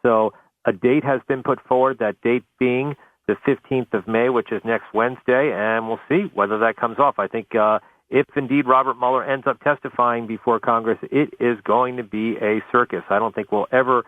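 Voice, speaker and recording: A man's voice: medium pitch, steady tone, no room sound. Male news correspondent on a phone line. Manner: measured, thorough, with frequent uhs. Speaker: White House correspondent. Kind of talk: live news report by phone on talk radio. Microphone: telephone.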